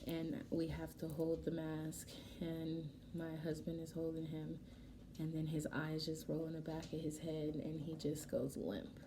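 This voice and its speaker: A young adult woman vlogger casually telling a personal story while doing her makeup, animated and emotional, acting out what people said. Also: low voice, measured pace, background noise. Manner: emotional, animated retelling with quoted dialogue. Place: home, getting ready.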